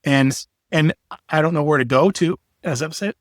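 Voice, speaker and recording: A middle-aged man talking as a podcast guest, telling lively stories with swearing and acted-out quotes. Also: fairly high pitch, moderate pace, no room sound, studio quality. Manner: animated storyteller, profane, acts out quotes. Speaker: podcast guest, graphic designer. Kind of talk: casual chat.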